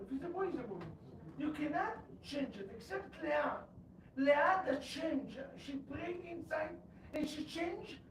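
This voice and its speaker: A rabbi teaching a Torah class, quizzing his listeners and telling stories. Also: very high-pitched. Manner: quizzes the audience, lively storytelling. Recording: echoey room, distant mic, background noise.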